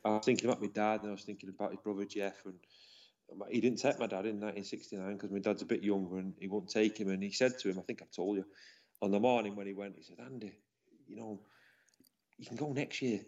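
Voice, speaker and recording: A man, co-hosting a casual chat and telling stories warmly and at length. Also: lowish voice, steady tone, quick pace. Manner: chatty, rambling, emotional storytelling. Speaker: podcast co-host. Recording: dull lo-fi sound.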